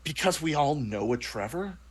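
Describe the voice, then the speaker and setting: A man's voice: a little high, lively intonation, moderate pace, slightly rough, poor audio. A man chatting casually about the tabletop game he plays in, rambling and restarting his sentences often. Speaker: player in a tabletop role-playing show. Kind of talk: casual chat.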